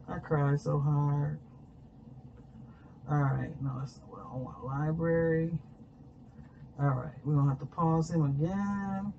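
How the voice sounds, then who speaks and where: A man's voice: fairly high pitch, steady tone, slow, creaky, long pauses, warm tone, lo-fi sound, slight background noise. A man hosting his own podcast, talking in a rambling, casual way, swearing freely and addressing listeners as y'all. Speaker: podcast host. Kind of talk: casual chat.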